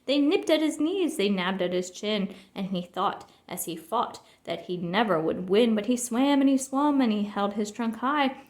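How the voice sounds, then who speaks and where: A woman reading a rhyming picture book aloud in a lively, expressive storytelling manner. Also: mid-range voice, normal speed, few pauses. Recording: roomy echo.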